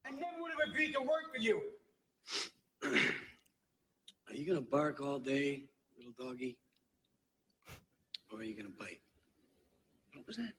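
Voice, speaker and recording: A cool, taunting gangster. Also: male voice, a little high, normal speed, pauses often, slight background noise. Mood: cool menace. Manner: calm and taunting. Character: cool, menacing adult male gangster.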